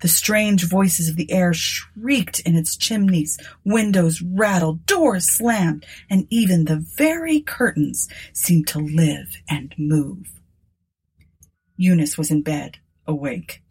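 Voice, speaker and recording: A woman narrating a gothic storybook in an expressive, dramatic reading. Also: lowish voice, slow pace, husky. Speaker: audiobook narrator.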